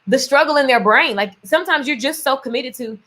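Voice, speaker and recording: A woman's voice: high-pitched, brisk, bright, forceful tone. A woman vlogging in a casual, playful storytelling way, often laughing and slipping into voices for quotes. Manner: laughs often while talking. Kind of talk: casual storytelling and motivational talk.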